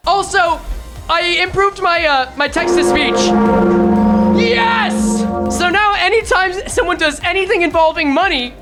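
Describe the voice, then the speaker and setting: A young woman streaming a game, chatting with her viewers in an excitable, casual way. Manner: excitable, talks to chat, jumps into high exclamations. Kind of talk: casual live-stream chat.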